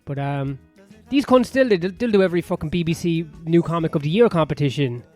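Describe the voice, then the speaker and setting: Irish guy podcasting, swears nonstop, rambly and sarcastic, voice sits a bit high, soft piano underneath. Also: animated, fairly quick. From Ireland. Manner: profane, rambling, sardonic. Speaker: podcast host. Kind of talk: crude comedic monologue. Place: sauna-area home in west London. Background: soft piano music.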